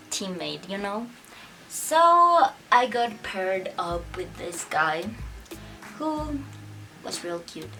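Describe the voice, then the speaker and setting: A young woman tells a long personal story at an unhurried pace, chatty and full of fillers. Her voice sits a little back from the microphone, and soft music plays faintly underneath. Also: mid-range voice, far from the mic. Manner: chatty, many "like" fillers, acts out quotes. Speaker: vlogger telling a personal story. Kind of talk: casual storytime monologue.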